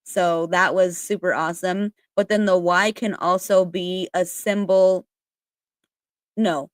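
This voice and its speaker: A woman's voice: on the low side, steady tone, takes it slowly, no echo. A woman chatting casually and reading aloud, with lots of fillers and casual swearing. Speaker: spiritual content creator.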